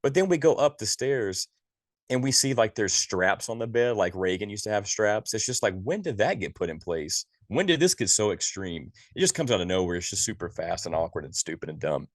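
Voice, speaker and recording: Male podcast co-host, very low voice, dry close sound, exasperated and profane ranting. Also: lively intonation, brisk, no room sound. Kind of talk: casual movie review chat.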